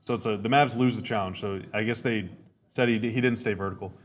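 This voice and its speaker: A man's voice: on the low side, steady tone, a little fast. A man hosting a podcast, giving casual live reactions to a game, rambling, repeating himself and stating blunt opinions. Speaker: podcast host.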